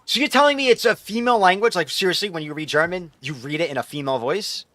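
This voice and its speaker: A man's voice: high-pitched, fast talker, pushed and bright. A man streaming a game, chatting casually with viewers in a rambling, loose way and reading chat aloud.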